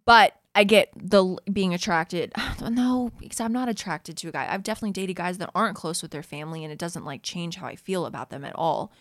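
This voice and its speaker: A woman's voice: on the low side, fairly quick, few pauses, no echo, clean studio sound. A young woman hosting a podcast, chatting casually, with lots of "like", frequent laughs and easy swearing. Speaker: podcast host recapping a reality show. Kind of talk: casual chat.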